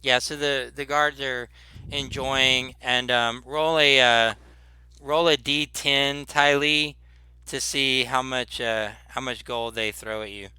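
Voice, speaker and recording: A man's voice: mid-range voice, fairly even intonation, slow pace, pushed and bright, clear, resonant tone, no room sound. A man running a tabletop game as game master, laid-back and rambling with lots of fillers.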